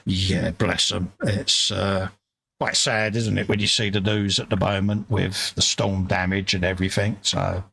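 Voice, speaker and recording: Gravelly London man chatting. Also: low-pitched, flat delivery, measured pace, sharp tone. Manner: chatty, matey banter while tidying his workbench. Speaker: livestream co-host. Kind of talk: casual live stream chat.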